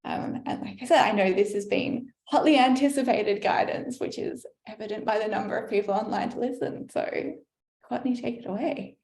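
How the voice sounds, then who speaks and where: Gravelly-voiced woman hosting a call. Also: a little high, a little mellow. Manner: friendly, brisk, lots of "um". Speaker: meeting host. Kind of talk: online meeting moderation. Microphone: video call. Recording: echoey room on a call.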